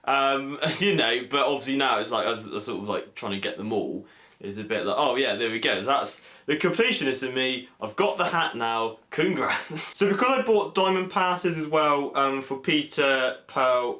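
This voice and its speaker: A young man from England chatting excitedly in a casual vlog, full of fillers and animated asides. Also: mid-range voice. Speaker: vlogger. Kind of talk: casual convention recap vlog. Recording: echoey room.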